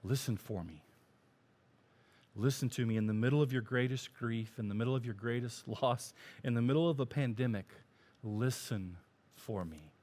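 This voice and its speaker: A preacher voicing God as a gentle, patient male figure who speaks low and slowly. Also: natural voice. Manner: soft, low and slow.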